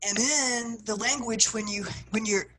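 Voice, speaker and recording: A woman teaching a writing workshop, guiding her listeners through exercises and acting out the feelings she describes, with phrases that often trail off softly. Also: a little high, measured pace, background noise. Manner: expressive, acts out what she describes, soft trailing phrases. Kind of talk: guided workshop instruction.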